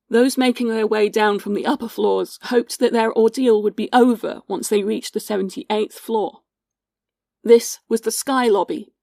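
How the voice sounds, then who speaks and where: A woman hosting a podcast, giving scripted history narration in a measured, sombre storytelling manner and reading out witness accounts. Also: mid-range voice, gravelly, dark tone, no echo, studio quality. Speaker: podcast host.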